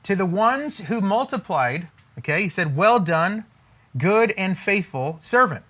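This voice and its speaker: A man's voice: high voice, very animated, measured pace, a bit bright. A man teaching scripture and money in an emphatic preaching style, repeating himself for emphasis and acting out imagined believers. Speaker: faith-based money teacher.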